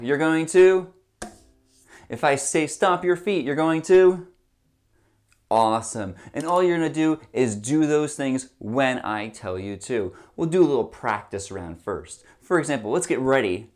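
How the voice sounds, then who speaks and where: A male music teacher leading a remote lesson for young children, coaxing and upbeat, singing call-and-response songs. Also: mid-range voice. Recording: ukulele music loud behind. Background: ukulele.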